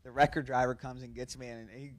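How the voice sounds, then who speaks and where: A race car driver telling a lively anecdote at a press conference, laughing through it and restarting his sentences quickly. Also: mid-range voice.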